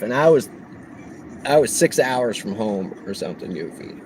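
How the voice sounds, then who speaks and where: A man livestreaming on the road as a delivery driver, telling a story in a casual, animated way and laughing often. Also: on the low side, normal speed, a little hiss or hum, low-quality recording.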